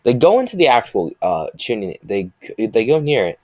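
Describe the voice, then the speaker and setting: A man with a very low, deep voice improvises a fan story as he goes. He rambles, restarts his sentences, and fills gaps with "uh." The sound is dry and close, with no room echo. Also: very animated, moderate pace, darkish tone. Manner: rambling, with many restarts and fillers.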